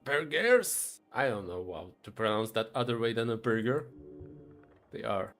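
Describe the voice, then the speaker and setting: A man streaming a text game, reading it aloud in an unhurried, wry way and stopping to correct himself. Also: fairly low pitch, faint music behind.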